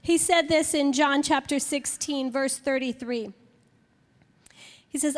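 Very high-voiced woman preaching slowly. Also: long reverb tail. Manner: slow, emphatic, with playful acted-out examples. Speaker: women's Bible teacher. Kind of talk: sermon.

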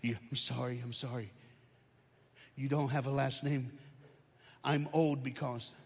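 A man voicing an older foster mother in a spoken story, soft and halting. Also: mid-range voice, fairly even intonation, creaky, slightly rough. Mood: tender. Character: older foster mother gently breaking hard news. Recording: long hall reverb.

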